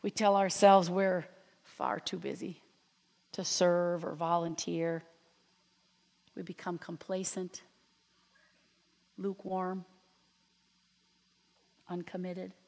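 A woman preaching a sermon in a church, earnest and deliberate, sometimes dropping to a near-whisper. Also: lowish voice, flat delivery, creaky, a little mellow. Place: church sanctuary. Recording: long reverb in a large hall.

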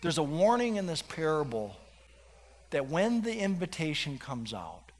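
A male pastor tells a story in his sermon, animated and full of restarts. His voice sits fairly high and rings through a hall with long reverb. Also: unhurried.

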